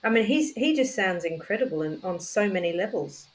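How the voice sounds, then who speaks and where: Hesitant woman interviewer, mid pitch. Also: lively intonation, a little fast, poor audio. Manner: warm, hesitant, reacting with praise. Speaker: interviewer, host. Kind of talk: conversational interview.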